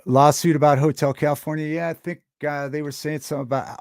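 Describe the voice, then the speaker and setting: A man hosting a casual livestream, rambling and halting as he reads chat and greets viewers. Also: on the high side, dry recording, clean studio sound. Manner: rambling, halting, with many restarts and chat shout-outs. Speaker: livestream host.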